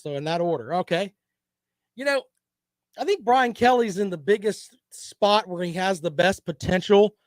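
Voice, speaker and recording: High-voiced sports talk host. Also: male voice, no echo. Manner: conversational, opinionated, reads viewer comments. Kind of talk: casual live-stream sports talk.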